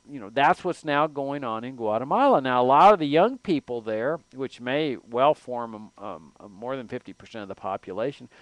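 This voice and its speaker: A man's voice: medium pitch, no room sound. A man hosting a political commentary show, talking emphatically in a long monologue, often restarting phrases and asking rhetorical questions. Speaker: show host.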